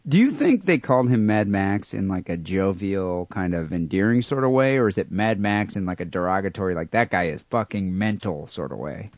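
A man's voice: deep voice, very animated, a little fast, hardly any pauses, a little mellow, dry recording. Man, rambling podcast co-host, dry sound. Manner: rambling, trails off with fillers. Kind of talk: casual chat.

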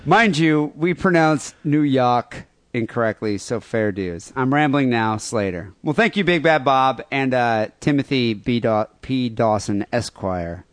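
A man's voice: mid-range voice, lively intonation, measured pace, hardly any pauses, no echo. A man co-hosting a crude podcast, reading listener emails and rambling sarcastically. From United States. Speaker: podcast co-host.

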